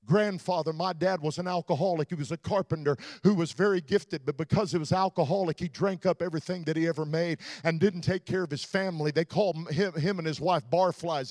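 A middle-aged man preaching, telling an emotional personal story in an earnest voice that drops to a hush at times. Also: high-pitched, dry recording, studio quality. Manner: emotional, earnest testimony with soft hushed passages. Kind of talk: sermon storytelling.

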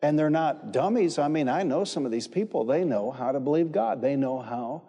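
A man's voice: a little high, expressive, moderate pace, mellow, dull audio. A man preaching a sermon, emphatic, repeating phrases and calling on the congregation to respond. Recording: echoey hall with long reverb.

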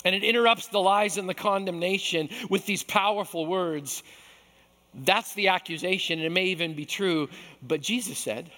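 A man preaching as pastor, animated and acting out voices from the story. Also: high voice, moderate pace, big-room sound. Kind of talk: sermon.

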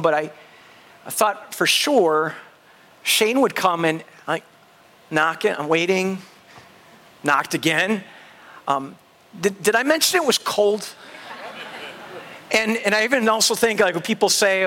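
A man, a pastor, telling a personal story in a sermon and acting out his own thoughts with animated energy. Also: high-pitched.

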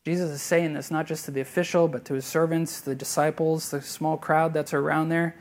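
A man preaching a sermon as pastor, earnest and conversational, rising to loud emphasis and then dropping to a hushed near-whisper. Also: on the high side, little pitch movement, fairly quick. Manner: conversational, with fillers and restarts.

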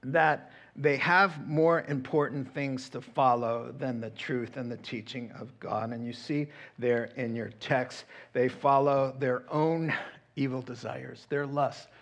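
A middle-aged man preaching a sermon as pastor, animated and acting out quoted voices. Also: medium pitch, slow, gravelly, lo-fi sound.

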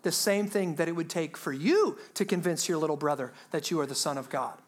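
A woman pastor preaching a sermon in a lively, humorous way, asking her listeners rhetorical questions. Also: low-pitched, fairly quick.

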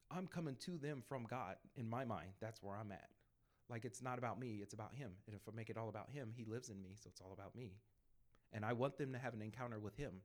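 A man recounting his street evangelism encounters as a spirited testimony. He laughs often between stories and slips into snappy re-enactments of conversations, with a voice of ordinary middle pitch. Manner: lively, laughs between anecdotes; acts out dialogue in quick asides. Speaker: panel speaker on evangelism. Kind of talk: storytelling testimony.

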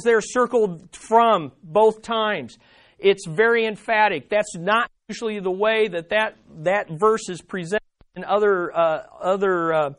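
A man's voice: sits high, fairly bright tone. A man preaching a sermon, emphatic, repeating phrases and asking the congregation questions. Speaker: pastor.

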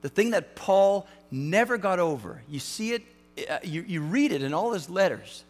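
A male pastor giving a sermon in a casual, animated way, with frequent restarts and fillers. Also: sits high, normal speed, faint music behind. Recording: hall reverb, mains hum.

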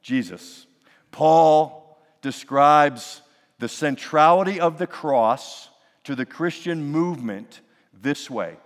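A man preaching to his congregation with a fairly high voice that climbs to emphatic peaks. His words ring out through a church sanctuary with a long reverb trailing behind them. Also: slow. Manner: animated, building to emphatic peaks. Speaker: pastor. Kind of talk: sermon.

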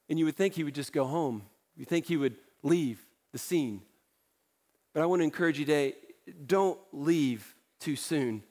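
A man's voice: on the high side, lively intonation, normal speed. A man preaching a sermon in an earnest, pleading way, repeating key phrases to drive them home. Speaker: pastor.

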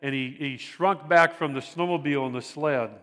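Older guy preaching, kinda high voice, earnest, repeats himself, big echoey church hall. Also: a bit bright. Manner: earnest, halting, repeats phrases for emphasis. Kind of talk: sermon. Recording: long reverb of a large hall.

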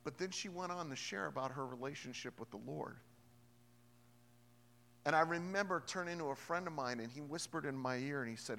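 Bright-voiced pastor preaching in a hall. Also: male voice, on the high side, fairly quick, vocal fry, a little hiss or hum. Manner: emphatic, shifts from hushed storytelling to loud preaching. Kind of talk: sermon. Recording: long hall reverb.

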